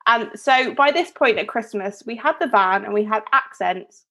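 A woman from Devon co-hosts a relaxed podcast chat. She tells stories with plenty of ums, little restarts and self-corrections. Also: fairly high pitch, moderate pace. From Devon, England. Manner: chatty storyteller with many fillers and restarts. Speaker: podcast co-host. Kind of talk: casual chat.

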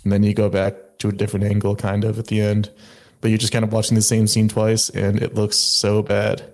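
A man's voice: fairly low pitch, completely flat delivery, fairly quick, darkish tone. A man co-hosting a casual movie review chat, blunt and critical in his verdicts. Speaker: podcast co-host.

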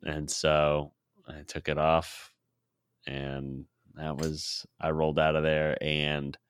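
A man casually telling a long personal story, laughing often, swearing freely and quoting himself in a low mutter. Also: completely flat delivery, slow pace, smooth. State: sore throat.

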